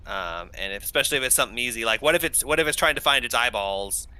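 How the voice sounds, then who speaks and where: Man, tabletop player, bright clear voice, playful, rambling. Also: medium pitch, lively intonation, fast. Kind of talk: casual tabletop chat.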